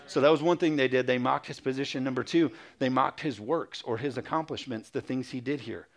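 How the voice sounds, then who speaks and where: A man's voice: medium pitch, fairly quick. Male pastor mid-sermon, mid-range voice, reads verses and calls for amens. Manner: preaching with call-and-response, reading scripture aloud.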